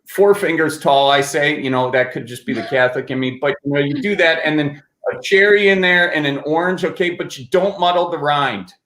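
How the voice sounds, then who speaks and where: A man's voice: on the high side, a little fast, hardly any pauses, fairly bright tone, echoey room. A man chatting and joking on a video call from home, rambling playfully. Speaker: guest. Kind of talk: joking casual chat.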